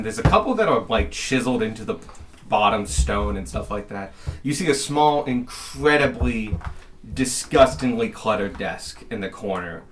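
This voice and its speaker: A man's voice: lowish voice, fairly bright tone, a little hiss or hum. A man narrating a tabletop game as game master, rambling with lots of fillers.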